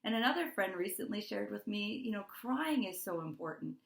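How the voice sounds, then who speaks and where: A middle-aged woman, working as a wellness coach, gives a motivational talk to her course members, earnest and heartfelt, repeating words for emphasis. Her mid-range voice is creaky, animated, and a little fast, in an echoey room.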